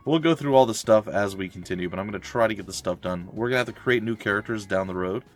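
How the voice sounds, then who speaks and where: A man's voice: on the low side, fast, faint music behind. A man hosting a let's play, chatting casually over gameplay with rambling, joking asides.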